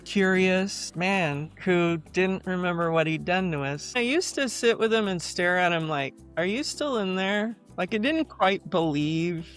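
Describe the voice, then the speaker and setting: A woman in her sixties, a guest author, speaking slowly and reflectively in an interview conversation. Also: on the low side, faint music behind.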